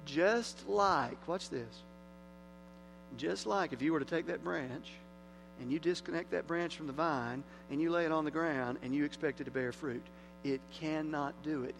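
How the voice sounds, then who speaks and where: High-voiced man preaching a sermon. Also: unhurried, vocal fry, soft background music. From moved to Tennessee from Las Vegas. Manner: earnest preaching, swings from loud emphasis to hushed. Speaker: pastor. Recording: faint mains hum.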